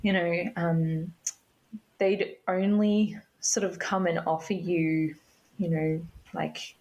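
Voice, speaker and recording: A young woman telling a personal story as a podcast guest, unhurried and reflective. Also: lowish voice, steady tone, darkish tone, highs cut off. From Australia.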